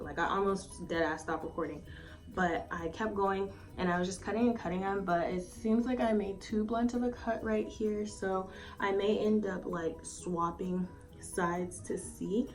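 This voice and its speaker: A woman's voice: mid-range voice, fairly even intonation, unhurried. A woman giving a casual, rambling review at home, swearing freely and filling her speech with "like" and "um". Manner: chatty, swears freely, lots of "like" and "um". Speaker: beauty vlogger. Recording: slightly distant mic with faint music.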